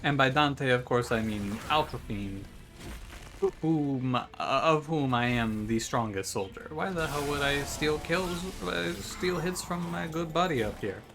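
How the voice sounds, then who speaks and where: In unhurried gameplay commentary, a man with a medium-pitched voice jokes wryly and trash-talks in jest while gaming. The setting is a room at home by a window, and game music plays behind him.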